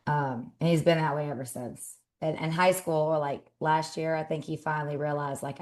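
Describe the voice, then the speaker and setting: A woman in her thirties co-hosting a podcast in casual chat, animated and acting out scolding her kids. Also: sits low, moderate pace, hardly any pauses. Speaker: podcast co-host.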